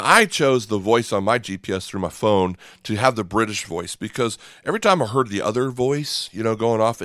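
A man's voice: lowish voice, fairly bright tone, dry recording, clean studio sound. A man preaching a sermon in a conversational way, often checking in with "okay?" and "right?" and repeating words as he starts a thought. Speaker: pastor.

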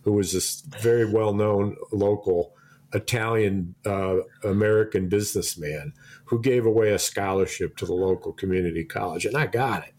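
A man with a fairly low voice tells meandering stories in a loose, conversational way. He laughs a lot as he talks and often starts his sentences over. He is middle-aged and talks like a regular co-host of the show. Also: moderate pace, a little mellow. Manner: laughs often, rambling anecdotes with restarts. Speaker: podcast co-host. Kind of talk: casual storytelling chat.

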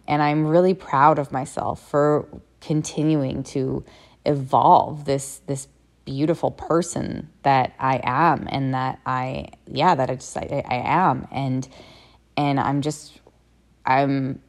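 Young woman podcaster, very low voice with vocal fry, open and rambling, swears casually. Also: steady tone, slow pace. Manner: candid, rambling, swears freely. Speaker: podcast host. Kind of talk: personal reflective monologue.

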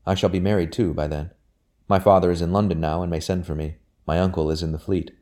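Storybook figure: a man playing an anxious young gentleman, fretful, peevish, deep-voiced. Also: steady tone, fast talker, lightly acted. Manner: fretful, complaining.

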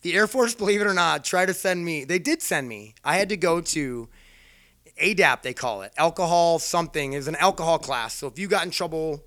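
A man's voice: on the high side, animated, fairly quick, a bit bright, no echo, studio quality. A man casually telling a rambling personal story, swearing freely and poking fun at himself. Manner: profane, rambling, self-mocking.

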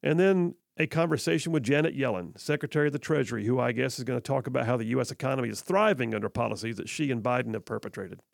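A man's voice: medium pitch, quick pace, creaky, hardly any pauses, no room sound. A male talk radio host, giving opinionated, sarcastic commentary in a conversational way from a radio studio. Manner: conversational, sarcastic, many "I mean" asides. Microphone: studio microphone.

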